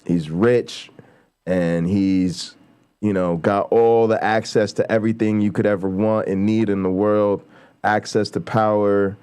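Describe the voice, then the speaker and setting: A man's voice: lowish voice, level tone, measured pace, a little mellow, clear, resonant tone. A man hosting a casual livestream, talking bluntly and profanely and building to heated, emphatic outbursts. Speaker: show host.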